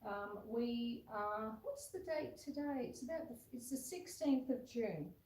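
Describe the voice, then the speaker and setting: A woman's voice: a little high, animated, measured pace, a little mellow. A woman hosting a homestead livestream. She chats casually, reads viewer comments aloud and coos at the puppy on her lap. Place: indoors at home, seated with a puppy on her lap. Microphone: phone camera set far back. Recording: roomy and distant from the camera.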